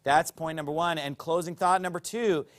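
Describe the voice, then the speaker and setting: A man's voice: on the high side, steady tone, moderate pace. A man preaching a sermon as pastor, emphatic and fond of rhetorical questions.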